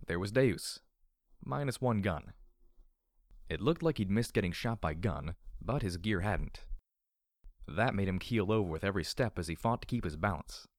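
A man narrating a first-person story with a wry, lively delivery. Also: lowish voice, moderate pace, dry recording, clean studio sound. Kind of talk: audiobook storytelling.

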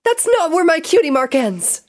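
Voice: extremely high pitch, sing-song, normal speed, pitched above the performer's own voice. A reader voicing a frantic young female earth pony who shrieks at the top of her lungs, in a storybook reading. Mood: shrieking.

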